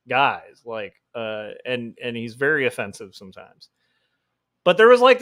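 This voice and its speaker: A man talks casually while he works on a comic page, thinking out loud and rambling from one thought to the next. He fills his pauses with ums and likes and often restarts his sentences. His voice sits at an ordinary middle pitch. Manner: thinking aloud, rambling with fillers. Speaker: comic artist streaming his work. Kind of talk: casual livestream chat while drawing.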